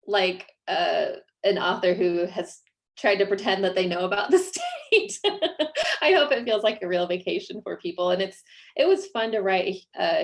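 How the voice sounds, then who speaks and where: A woman from Iowa, an author talking casually about her writing, self-deprecating and quick to laugh. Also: fairly low pitch. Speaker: author guest. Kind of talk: casual interview chat.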